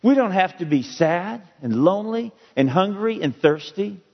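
A man preaching a sermon, slow and emphatic, with dramatic pauses. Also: high-pitched, expressive. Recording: dull audio with long hall reverb.

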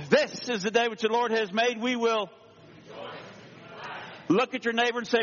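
A man preaching an energetic Easter sermon as pastor in a church, exclaiming and calling for amens. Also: very high-pitched, normal speed, pauses often. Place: church sanctuary. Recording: dull sound in a long-echo hall.

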